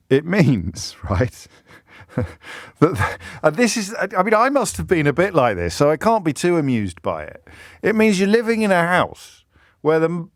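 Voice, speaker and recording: A man's voice: medium pitch, no echo, studio quality. A middle-aged man hosting a live radio phone-in, thinking aloud in a chatty way and often restarting his sentences. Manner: musing, chatty, with frequent restarts and stammered repeats. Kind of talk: live talk-radio monologue. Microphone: studio microphone.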